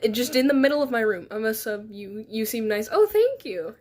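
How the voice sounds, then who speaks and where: A woman's voice: a little high, expressive, a little fast, a little mellow. A woman chatting casually on a livestream, rambling and giggling in a self-deprecating way, speaking from her bedroom into a phone on a tripod. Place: her bedroom, on a beanbag chair.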